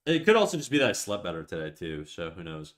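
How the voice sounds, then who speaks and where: A man's voice: deep voice, very animated, quick pace. A young man streaming live, chatting casually in an upbeat, talkative way, restarting and stumbling over his words.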